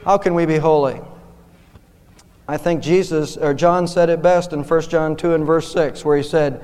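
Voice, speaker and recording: In a church sanctuary, a pastor preaches an impassioned sermon, his voice rising on the key points. It is fairly high, clear and resonant, a little mellow, with fairly even intonation at a normal speed, and the recording carries the long reverb of a church hall.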